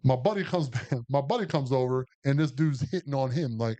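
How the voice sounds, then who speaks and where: In a relaxed storytelling conversation on the podcast he co-hosts, this man rambles through a lengthy, profanity-laced tale that keeps restarting. He speaks briskly in a mellow, mid-range voice.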